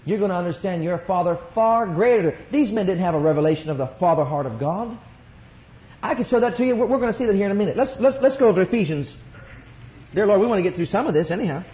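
A middle-aged man preaching a sermon, swinging between soft asides and rising exclamations. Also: sits high, expressive, quick pace. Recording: dull roomy recording.

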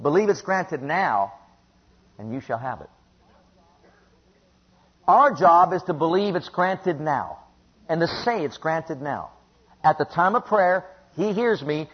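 A man's voice: a little high, lively intonation, slow pace, long pauses, breathy edge. A man preaching a sermon in an emphatic, repetitive way, often asking the congregation questions, on a dull lo-fi recording.

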